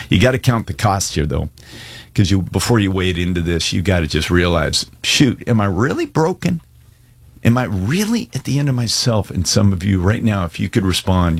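Low husky-voiced male pastor preaching. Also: no echo. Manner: earnest, conversational preaching with casual slang. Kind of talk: sermon with altar call.

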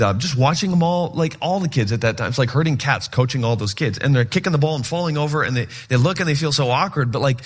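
A man in his forties preaching a sermon, joking and acting out his own reactions as he tells stories. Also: mid-range voice. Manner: animated, joking storyteller who acts out his own reactions. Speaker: pastor.

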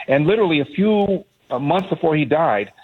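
A man calling in as a guest on a talk radio show, telling stories in a measured, admiring way. He speaks quickly with a slightly husky voice, and the sound is thin and tinny like a phone line. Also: on the high side, expressive. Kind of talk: phone interview.

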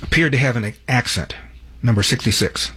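A man's voice: medium pitch, normal speed, pushed and bright, husky. Emphatic political commentary host, man. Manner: pointed, emphatic delivery. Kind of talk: political commentary introducing clips.

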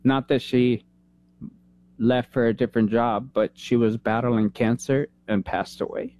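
A man in his thirties, a veteran, telling an emotional personal story in an interview, earnest and halting, holding back tears. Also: medium pitch, steady tone, a little mellow. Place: San Antonio, Texas.

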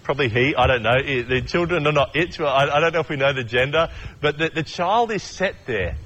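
A man's voice: on the high side, animated, brisk, a bit bright, husky, rough recording. A young adult man preaching a casual sermon, chatty and storytelling, acting out voices as he goes. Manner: chatty, acts out voices in stories. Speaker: pastor.

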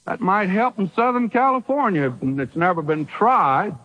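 A man preaching an emphatic sermon, his high voice leaping up and down as he drives each point home with rhetorical questions. The sound is dull and lo-fi, like an old radio broadcast. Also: big pitch swings, normal speed.

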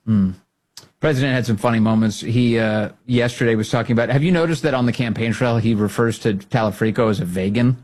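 A man hosting a political podcast, mocking and animated, often laughing at what he plays. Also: medium pitch, fairly quick. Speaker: podcast host. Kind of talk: political commentary.

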